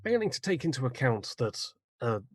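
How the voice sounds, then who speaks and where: A man with a husky voice recapping a tabletop game session over a video call, with a wry, cheeky manner. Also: medium pitch, sing-song, normal speed, dry recording, studio quality. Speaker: player.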